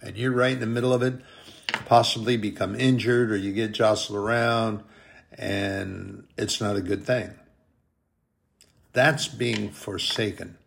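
A man preaching a sermon, slow and deliberate, drawing out his emphatic phrases. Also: on the low side, steady tone, gravelly.

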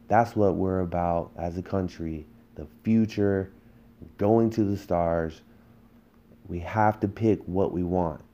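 A political podcast host delivers a heated, emphatic monologue packed with rhetorical questions. His voice is low and mellow.

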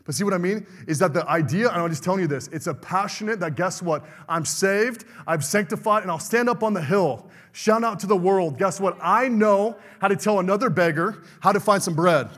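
A man's voice: high voice, a little fast, few pauses, fairly bright tone, in a large hall. A middle-aged male pastor preaching a fervent sermon, calling out to the congregation for amens.

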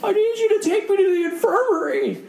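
A man's voice: expressive, fairly quick, gravelly, darkish tone, echoey room, full character voice, poor audio. Squealing, whiny kid, put on by a male youth pastor for a sermon story. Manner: high wailing childish voice. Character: whiny sixth-grade boy.

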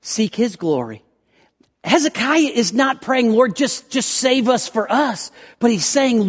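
A high-voiced male preacher delivers an impassioned sermon. He climbs to loud, pleading prayers and falls back to hushed, slow lines, stumbling and repeating words now and then. His voice rings out through a hall with a long echo. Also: sing-song, breathy edge. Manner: repeats words when restarting. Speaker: pastor.

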